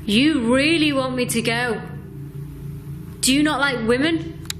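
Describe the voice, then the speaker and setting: A woman investigating a haunted building, calling out slow, coaxing questions to a spirit. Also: high voice, fairly bright tone. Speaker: paranormal investigator. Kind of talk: ghost-hunting calls to spirits. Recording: noisy location recording.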